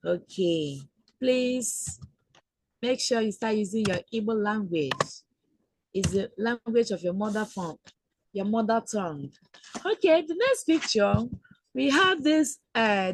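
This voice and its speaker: A woman teaching Igbo words to children in a webinar, repeating phrases slowly and patiently. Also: medium pitch, big pitch swings, background noise. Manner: slow, repetitive teaching with drawn-out Igbo phrases. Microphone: computer mic on a video call.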